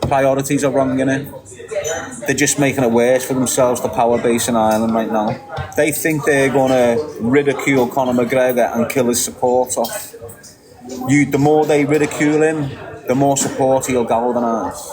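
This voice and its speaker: Steady in tone and at normal speed, a middle-aged Liverpudlian guest rants emphatically on a podcast in a mid-range voice. He's repetitive and laughs briefly, with a crowd audible behind him on poor audio.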